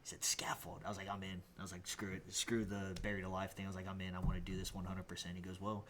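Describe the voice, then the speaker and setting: A man, a professional wrestler and podcast guest, telling animated backstage stories with frequent laughter. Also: deep voice, fast talker, slight background noise. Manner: animated storyteller, laughs often. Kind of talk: casual storytelling interview.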